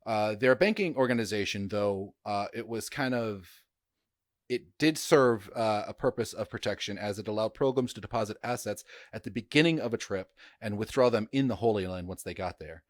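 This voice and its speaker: A man's voice: on the low side, normal speed, dry recording, clean studio sound. A man hosting a casual history podcast, chatty and jokey, with frequent fillers and stumbles over names. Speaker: podcast host.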